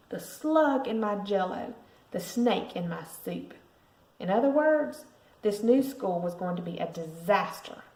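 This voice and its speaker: A woman, a parent, reading a picture book aloud to a school class with lively expression. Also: medium pitch. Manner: expressive storytelling. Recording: roomy echo.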